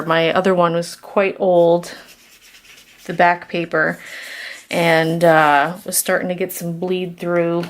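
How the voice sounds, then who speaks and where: A woman chatting casually as she works through a craft tutorial, rambling with self-deprecating asides, recorded on a camera's built-in mic. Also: on the low side. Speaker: craft vlogger.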